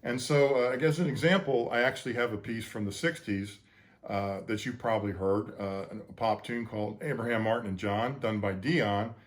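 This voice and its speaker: A man's voice: lowish voice, fairly even intonation, normal speed. A man, a composer, talks casually and earnestly about how he made his choral piece, wandering through asides with many fillers and restarts. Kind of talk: casual spoken explanation.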